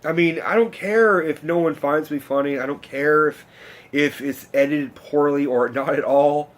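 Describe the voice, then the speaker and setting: A man's voice: on the high side, normal speed. A young man, telling a story in a casual, rambling, profane rant to camera. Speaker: vlogger.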